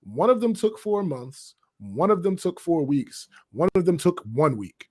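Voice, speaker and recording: A man's voice: on the high side, very animated, measured pace, darkish tone, breathy edge. A man co-hosting a podcast in casual chat, blunt and profane, often laughing. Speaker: podcast co-host.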